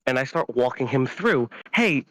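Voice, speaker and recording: A man's voice: mid-range voice, expressive, moderate pace, bright, forceful tone, no room sound, rough recording. A man on a call, telling a story in a rambling, profane, stop-start way. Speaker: caller. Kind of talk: casual phone call.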